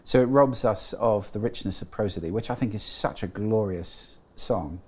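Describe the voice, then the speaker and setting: In an interview, a British guest who specializes in sound and speech talks at a moderate pace in a lowish, slightly rough, somewhat mellow voice. His explanations are deliberate and thoughtful, though punctuated by restarts, fillers and repeated "you know."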